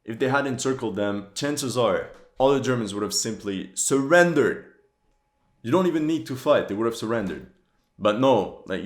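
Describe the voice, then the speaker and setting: A man hosting a history channel, giving movie reaction commentary with critical, exasperated outbursts. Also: mid-range voice. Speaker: history channel host reacting to a war film. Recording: roomy echo.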